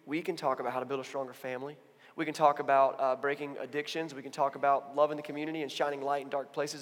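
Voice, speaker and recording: A man giving a sermon as a pastor, talking in a conversational, animated storytelling way. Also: fairly high pitch, in a large hall. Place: church.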